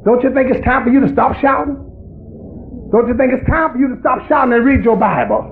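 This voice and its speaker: A man preaching a fiery sermon that rises into shouting. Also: extremely high pitch, brisk. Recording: tinny lo-fi recording with faint hiss.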